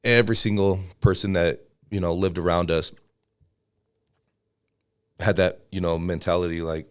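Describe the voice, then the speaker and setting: A man's voice: sits low, moderate pace, long pauses, clean tone. A man of about forty, a fighter and former soldier, telling stories casually as a podcast guest and acting out the people he quotes. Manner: relaxed, acts out quoted people in raised voices. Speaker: guest, MMA fighter and army veteran. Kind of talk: casual storytelling.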